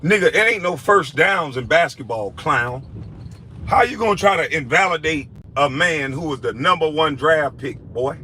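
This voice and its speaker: A former athlete tears into a critic in a heated, profanity-filled rant. His voice sits high and cuts with a bright, sharp edge. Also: lively intonation, normal speed, a little hiss or hum. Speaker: former pro basketball player. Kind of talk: angry video rant.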